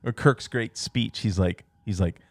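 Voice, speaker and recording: A man's voice: fairly low pitch, unhurried, dry recording. A man co-hosting a podcast in casual chat, joking, laughing often and quoting lines with gusto. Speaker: podcast co-host.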